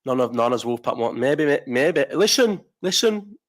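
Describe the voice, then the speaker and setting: Young bloke hosting a live stream: blunt, sweary, rambling chat with plenty of restarts. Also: male voice, medium pitch, steady tone, normal speed.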